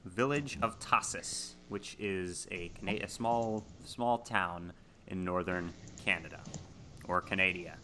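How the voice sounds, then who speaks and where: A man narrating and hosting a tabletop horror game as game master, in a relaxed, conversational way. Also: low voice, unhurried, a little hiss or hum.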